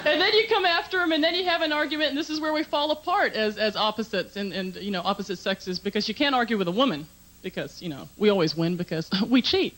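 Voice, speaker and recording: A woman comedian works through a brisk stand-up set on a talk show stage, voice bright and a touch high. She chats easily and laughs through her punchlines. The old TV recording is full of hiss and clicks. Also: expressive. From Georgia, US.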